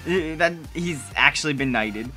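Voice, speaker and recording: A young man co-hosting a casual podcast, joking around and quick to laugh. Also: a little high, over music. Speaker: podcast co-host. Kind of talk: casual chat.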